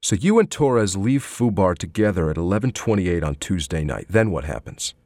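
A man's voice: low voice, big pitch swings, moderate pace, a little mellow, dry recording, studio quality, full character voice. A man reading an audiobook, voicing a sardonic male police detective who needles with probing questions. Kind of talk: audiobook character voice.

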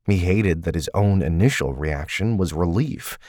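Brief: low male narrator, expressive pitch, dry close recording. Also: moderate pace, no echo. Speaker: audiobook narrator. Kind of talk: scripted novel narration.

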